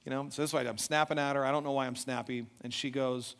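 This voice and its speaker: A middle-aged man giving a motivational talk at a live event, telling a personal story with animated delivery and asking the audience questions. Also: mid-range voice, fast, gravelly, few pauses. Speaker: event speaker. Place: large event hall. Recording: echoey hall reverb.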